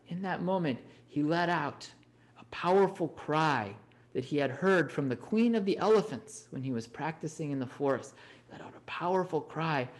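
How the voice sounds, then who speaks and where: A man giving an animated storytelling Dharma talk, often checking in with "right?". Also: a little high. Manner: animated, frequent "right?" tag questions. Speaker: Dharma teacher.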